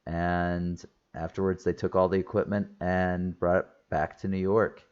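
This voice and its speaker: A very low-pitched man talks slowly through a film recap in a rambling, casual way, full of fillers and restarts. He sounds teary-eyed and emotional. The audio is dull and lo-fi. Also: flat delivery, a little mellow, clear, resonant tone. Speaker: movie reviewer. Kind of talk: casual spoiler review.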